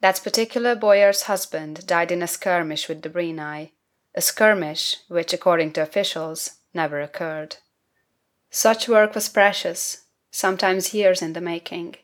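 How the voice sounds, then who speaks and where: A woman narrating a fantasy novel in a measured, unhurried literary reading. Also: fairly low pitch. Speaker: audiobook narrator. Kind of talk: scripted narration.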